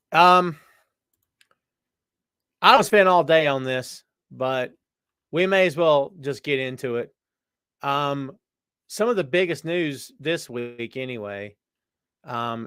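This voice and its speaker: In a clear, resonant voice, a podcast host reads live chat on his casual show, greeting viewers by name as "brother" and "my friend." He alternates loud exclamations with quiet asides; the studio sound is clean and echo-free.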